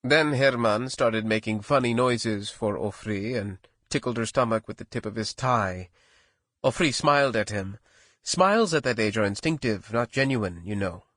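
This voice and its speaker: A man reading a novel aloud in first person, with even, measured storytelling. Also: on the low side, no echo. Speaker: audiobook narrator. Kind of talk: scripted first-person narration.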